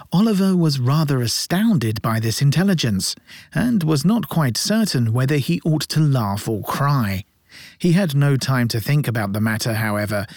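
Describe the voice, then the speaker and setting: Guy narrating an old novel, measured, bit ironic, dry close mic. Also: mid-range voice, darkish tone, no room sound. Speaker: audiobook narrator. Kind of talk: scripted narration.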